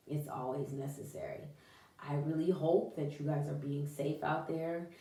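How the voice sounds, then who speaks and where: A woman's voice: deep voice, distant mic. Folksy encouraging woman vlogger, echoey room. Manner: animated, folksy, preachy with church phrases. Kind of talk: casual encouraging vlog talk. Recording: echoey room, voice away from mic.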